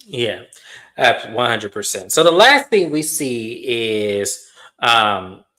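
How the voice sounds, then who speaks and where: A man recapping a reality TV episode in casual commentary, animated, acting out quotes and swearing freely. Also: medium pitch, slow. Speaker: reality TV reviewer.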